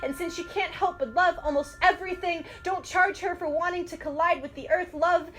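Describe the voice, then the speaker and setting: A young woman performing spoken word in a tender, measured way. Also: very high-pitched, steady tone, a bit bright.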